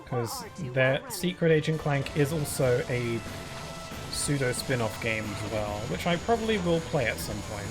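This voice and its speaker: A man's voice: medium pitch, lively intonation, a little slow. A young man giving casual, rambling commentary while playing a game on stream, talking into a desk microphone. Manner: rambling, easygoing, many fillers. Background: game music.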